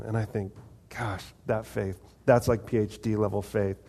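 A man's voice: medium pitch, steady tone, measured pace, warm tone. Man preaching a conversational sermon. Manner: conversational, asks the audience questions, acts out voices of God and people. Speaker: pastor.

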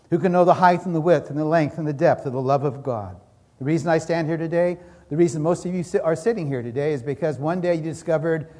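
A man's voice: a little high, a little mellow. A man preaching a sermon as pastor, fervent and repetitive, voicing prayers as he speaks.

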